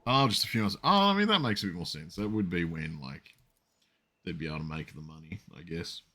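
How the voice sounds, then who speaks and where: A man's voice: low-pitched, animated, a little fast, pushed and bright. A man streaming a video game, chatting casually and swearing freely as he plays. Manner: laid-back, swears freely. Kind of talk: casual chat while gaming.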